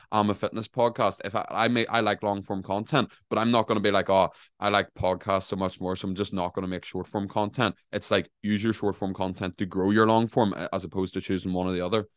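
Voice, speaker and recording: A man talks social media in a casual podcast, his voice low and recorded dry and close with no room sound. He is blunt and emphatic and swears freely. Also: no echo. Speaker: podcaster and content creator.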